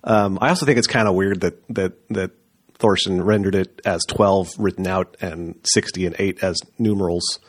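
A man with a fairly low voice co-hosting a casual podcast chat. He rambles through his points with plenty of swearing, fillers and restarts, in an offhand, unpolished way. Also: steady tone, normal speed, husky. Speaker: podcast co-host.

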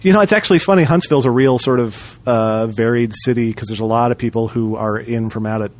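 A podcast co-host chats casually, talking fast at a medium pitch. He rambles, filling his speech with fillers and restarts.

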